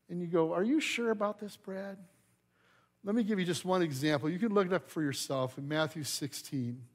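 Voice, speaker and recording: A male pastor preaching a sermon in a church, telling the story in a lively way and putting questions to the congregation. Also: fairly high pitch. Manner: animated storyteller, acts out quotes, asks the congregation questions.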